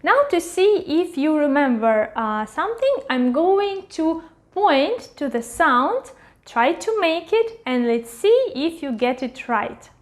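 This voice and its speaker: A woman teaching beginners, slowly sounding out letters and syllables and repeating each one, with short praise in between. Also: high voice, sing-song. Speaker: language teacher. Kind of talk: slow beginner pronunciation lesson.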